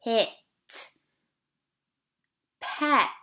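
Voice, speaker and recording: With a bright, forceful tone, a woman leads a kindergarten phonics lesson, deliberately sounding out short words and stretching them out for young children.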